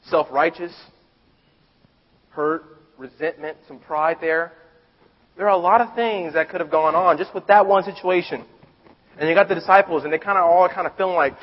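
A man preaching a sermon in a conversational, animated storytelling way, stumbling and restarting often. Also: fairly high pitch, moderate pace, pauses often. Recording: dull recording with long hall reverb.

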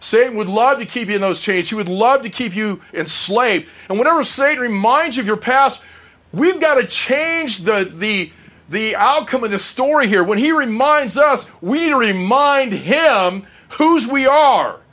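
A man's voice: very high voice, lively intonation, moderate pace, a bit bright. A middle-aged man preaching a sermon, earnest and personal, often asking the congregation questions.

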